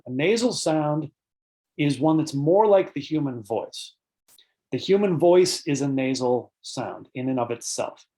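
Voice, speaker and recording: A man's voice: a little high, dark tone. A man giving a lecture on bird sounds at an online conference, explaining terms with frequent fillers and answering audience questions between points. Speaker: birding author and presenter.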